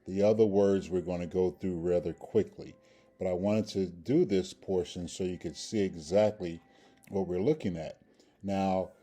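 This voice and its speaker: Male language teacher, low mellow voice, patient and repetitive, video lesson delivery. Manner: patient, repeats pronunciations several times with frequent "okay?" checks. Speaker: Hebrew grammar teacher.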